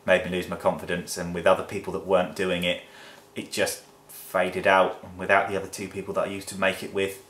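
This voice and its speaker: A man from England answers viewer questions in a loose, chatty vlog, blunt and quick to swear. His voice sits on the low side. The room has a noticeable echo. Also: a bit bright. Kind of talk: casual Q&A vlog. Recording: echoey room.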